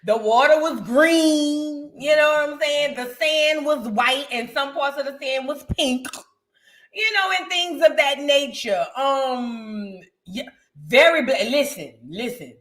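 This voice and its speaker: A woman, co-hosting a chat show and telling stories in an animated, slangy way. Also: high voice, slow pace. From United States. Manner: animated, slangy, repeats phrases for emphasis. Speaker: podcast co-host. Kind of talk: casual storytelling chat.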